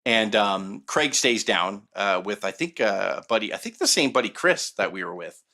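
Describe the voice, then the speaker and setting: A man co-hosting a podcast, telling long casual anecdotes with lots of fillers and animated retellings of what others said. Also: fairly low pitch, normal speed. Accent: Southern Californian. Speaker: podcast co-host. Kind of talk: casual storytelling.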